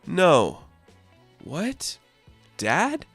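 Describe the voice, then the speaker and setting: A man voicing a stressed, angry young male mutant turtle who yells in exasperation. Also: on the high side, wildly swooping pitch, very slow, dry recording, soft background music, pitched above the performer's own voice, heavily acted. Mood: exasperated. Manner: yelling, exasperated.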